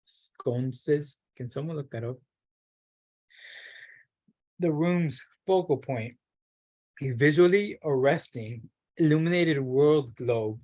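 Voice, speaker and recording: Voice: mid-range voice, a little mellow. Adult reading a brochure with joking asides. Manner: reads with small stumbles and self-mocking asides. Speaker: workshop participant. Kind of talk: reading a travel brochure aloud.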